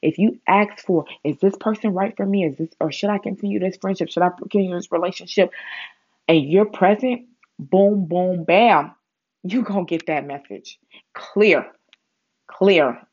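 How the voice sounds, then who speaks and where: A woman's voice: fairly low pitch, normal speed, slightly rough, no echo, lo-fi sound. Rambling woman talking spirituality. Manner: rambling, many fillers and restarts, animated retelling. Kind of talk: spiritual vlog monologue.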